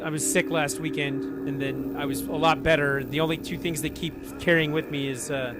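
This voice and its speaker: A man in his forties streams from home, his voice scratchy and raspy from a lingering illness. He sits fairly high for a man and wanders from topic to topic in loose, chatty asides to viewers. Game music runs clearly underneath him. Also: fairly even intonation, moderate pace. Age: 40s. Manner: rambling, chatty, talks to viewers and family mid-stream. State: hoarse, scratchy voice after being sick. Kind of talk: casual live-stream chat.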